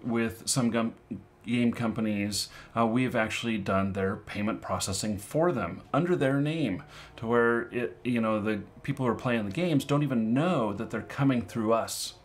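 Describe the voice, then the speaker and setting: Man, casual advice talk, rambling, lots of filler words, mid-pitched voice. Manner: rambling, full of "you know" and "um" fillers. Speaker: online game-currency seller and fraud consultant.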